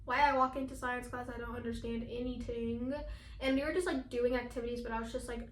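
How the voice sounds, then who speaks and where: A teenage girl vlogging in a casual, chatty way, talking fast with lots of fillers and laughing often. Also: on the high side, fairly even intonation, roomy sound, slight background noise. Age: teens. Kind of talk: casual chat.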